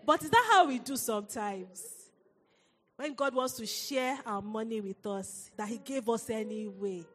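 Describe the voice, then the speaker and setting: A woman preaching a sermon, telling a personal story in an animated way and laughing often. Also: a little high, a little slow, in a large hall, slight background noise.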